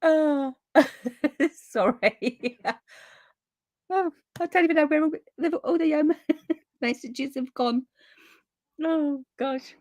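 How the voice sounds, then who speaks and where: A woman's voice: high-pitched, slow pace, pauses often, darkish tone. A woman in her fifties hosting a live papercraft stream, chatting casually and constantly breaking into giggles. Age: 50s. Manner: giggly, keeps breaking into laughter and apologizing. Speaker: papercraft livestream host. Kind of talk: casual live crafting chat.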